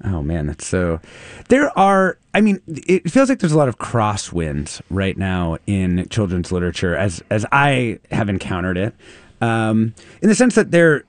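Lively male radio host. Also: lowish voice, no room sound. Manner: animated, thinking aloud with restarts. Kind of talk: call-in radio chat.

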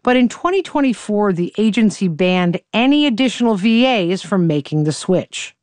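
A woman reporter narrating a news story in a measured, even, scripted delivery. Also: medium pitch, dry recording. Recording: dry close studio voice-over.

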